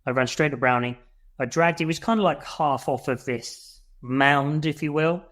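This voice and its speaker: This man's voice runs on the high side at a normal speed. He's a veteran from the UK recounting a war story on a podcast, swearing freely, speaking bluntly and acting out the shouts he gave.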